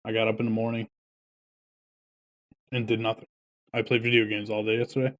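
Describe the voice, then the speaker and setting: A man's voice: on the low side, level tone, a little fast, fairly bright tone. A man co-hosting a podcast, chatting in a laid-back, offhand way. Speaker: podcast co-host. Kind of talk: casual chat.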